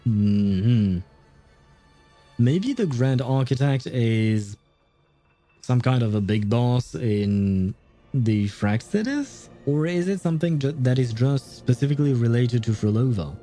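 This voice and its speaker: A man's voice: medium pitch, animated, slow pace, warm tone, faint music behind. A man commenting on a game on a livestream, chatty and hesitant with frequent laughs. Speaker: livestream host. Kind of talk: gameplay commentary.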